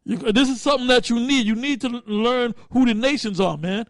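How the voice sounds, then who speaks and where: High-voiced man preaching bluntly. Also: fairly quick, no room sound. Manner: blunt, profane street talk with frequent "man"; loses words and restarts while thinking aloud. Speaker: teacher leading a group study. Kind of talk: casual preaching talk.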